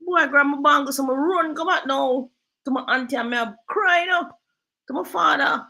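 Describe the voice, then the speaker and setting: Woman host, bright tone, chatty storyteller with patois. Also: sits high, normal speed, vocal fry, poor audio. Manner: lively storyteller, drifts into patois. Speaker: real estate agent and host. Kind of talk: casual storytelling chat.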